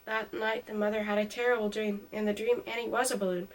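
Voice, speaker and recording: A woman reading a storybook aloud in a calm, even way, her mic a little distant. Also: medium pitch, fast.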